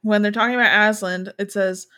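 A woman's voice: medium pitch, steady tone, brisk, sharp tone. A young woman hosts a casual book podcast. She talks bluntly with a wry edge and reads passages aloud. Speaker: podcast host.

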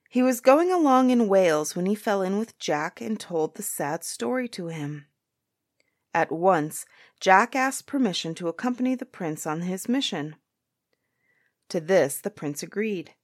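Woman narrator for a fairytale read-aloud, slow, lower voice, dry close sound. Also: no room sound. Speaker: storyteller. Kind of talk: storybook reading aloud.

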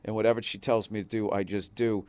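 A man's voice: fairly low pitch, flat delivery, fast, darkish tone, no room sound. Profane storytelling man, dry sound. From Boston area. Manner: profane storytelling, acts out quotes. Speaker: comedian guest. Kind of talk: casual podcast chat.

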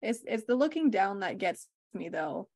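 A woman's voice: mid-range voice, big pitch swings, normal speed, darkish tone, dry recording, clean studio sound. A woman co-hosting a sports betting podcast, giving short agreeing replies in casual chat.

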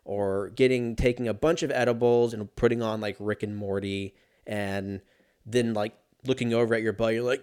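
A man's voice: lowish voice, normal speed, smooth. Rambling profane man, casual comic rant. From Los Angeles area. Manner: rambling, profane, animated with laughs. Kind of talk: casual comedic monologue.

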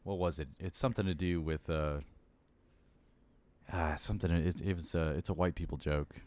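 A man's voice: low voice, fairly even intonation, moderate pace, a little mellow. A man co-hosting a podcast in easygoing casual chat, often searching for words with fillers. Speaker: podcast co-host.

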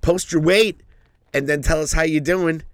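A man's voice: fairly high pitch, steady tone, normal speed, dry recording, clean studio sound. A middle-aged man hosting a podcast in casual banter, rambling, swearing freely and laughing often. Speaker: podcast host.

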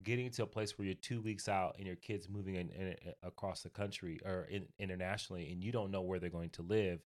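A man's voice: low voice, steady tone, fast talker. A man co-hosting a podcast, giving reflective advice and often checking in with the listener. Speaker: podcast co-host and parent. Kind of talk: casual chat.

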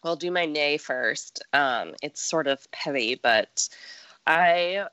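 A woman's voice: deep voice, lively intonation, takes it slowly, sharp tone, smooth, no room sound, highs cut off. A young woman from the Midwest chatting casually on a podcast, with lots of "like" and "um" as she talks. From American Midwest. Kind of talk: casual chat.

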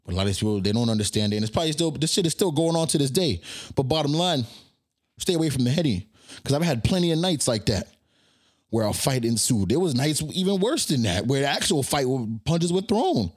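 A man in his twenties hosting a podcast, telling a party story in a casual, animated way and acting out his own lines. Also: mid-range voice, fairly quick, husky. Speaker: podcast host.

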